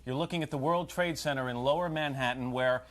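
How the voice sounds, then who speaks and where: A man in the middle of his range anchors live breaking news. He asks careful questions and sums things up for viewers in a steady, measured way. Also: medium pitch.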